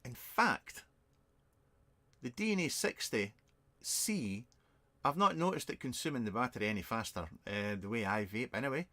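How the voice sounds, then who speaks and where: A British man past fifty chats loosely into a webcam during a live stream. He rambles and stops himself a lot, mixing dry sarcasm with quick apologies. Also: medium pitch, lively intonation, pushed and bright. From Britain. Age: over 50. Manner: rambling, self-mocking and sarcastic, many fillers. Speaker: vape reviewer and channel host. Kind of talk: casual live-stream chat answering viewer questions. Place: home shed.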